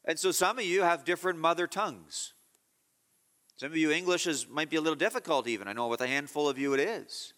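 Male pastor, bright, slightly high voice, sermon delivery with emphatic swings. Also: fast talker, in a large hall. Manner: teaching tone, swings from low explaining to loud emphatic scolding.

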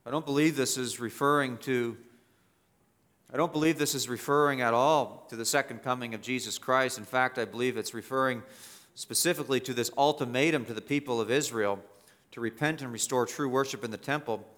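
A man's voice: mid-range voice, brisk, a bit bright. A male pastor preaching an expository sermon, emphatic and repetitive, rising sharply to stress key points.

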